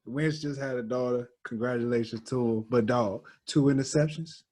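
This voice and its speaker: A man in casual podcast chat, easygoing and full of slang. His voice has a husky, slightly rough edge. He tells stories with animated asides. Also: mid-range voice, moderate pace. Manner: laid-back, animated storytelling with slang. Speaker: podcast co-host.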